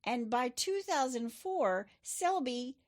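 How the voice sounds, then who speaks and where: Woman, middle-aged, podcast host, fairly high voice, animated, chatty storytelling. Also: slow pace. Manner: chatty, with personal asides and laughs. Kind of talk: true crime storytelling chat.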